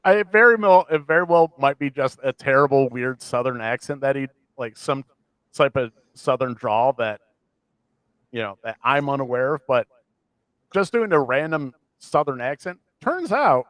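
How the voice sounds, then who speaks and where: A man's voice: medium pitch, moderate pace, smooth, no room sound. A man from the American Midwest co-hosting a podcast, rambling casually and poking fun at himself. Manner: rambling, self-deprecating, animated. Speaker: podcast co-host. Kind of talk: casual chat.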